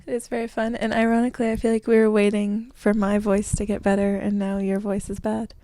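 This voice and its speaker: A woman's voice: mid-range voice, little pitch movement, dark tone, no room sound. Playful young woman co-hosting. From California. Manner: playful, quick interjections and teasing. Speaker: podcast co-host. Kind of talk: casual chat.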